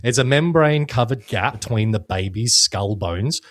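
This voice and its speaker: A man's voice: mid-range voice, animated, moderate pace, dry recording. An Australian man co-hosting a podcast, chatting casually in a rambling, jokey way and swearing now and then. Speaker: podcast co-host. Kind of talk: casual chat.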